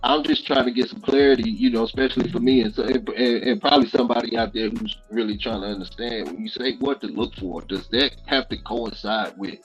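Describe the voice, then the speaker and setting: A man's voice: mid-range voice, a little fast, few pauses, breathy edge, highs cut off. A man hosting a casual livestream interview, asking careful questions and checking that he has understood correctly.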